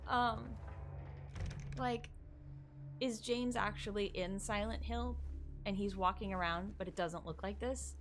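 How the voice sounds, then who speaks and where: A woman's voice: medium pitch, fairly even intonation, measured pace, pauses often, soft background music. A young woman streaming a horror game, chatting casually and thinking aloud, easily spooked. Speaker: gaming streamer. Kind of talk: casual live-stream commentary.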